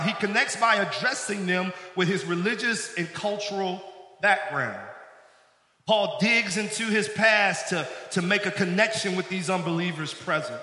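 A man's voice: sits high, normal speed, pushed and bright. A man preaching a sermon as pastor, calling out to the congregation for responses. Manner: preaching with call-outs to the congregation. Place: church sanctuary. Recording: echoey hall with long reverb.

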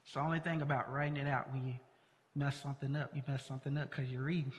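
A man's voice: medium pitch, steady tone, quick pace. A man preaching a sermon as pastor, earnest and leaning hard on key words. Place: church sanctuary. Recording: long reverb of a large hall.

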